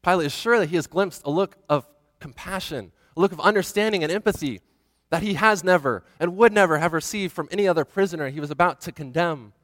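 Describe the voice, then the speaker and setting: A man retelling a scripture story dramatically, swinging from hushed passages to loud ones. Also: on the high side, fast talker, dry recording, in a large hall.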